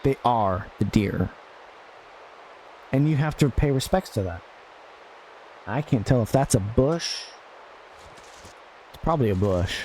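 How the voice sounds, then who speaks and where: A man drifts through casual gameplay commentary at an unhurried, drawn-out pace. His voice is soft and mellow, and he rambles into absurd jokes, laughs often and mutters asides at the screen. A faint hiss of noise sits under the recording. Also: medium pitch, animated. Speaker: gaming podcast host.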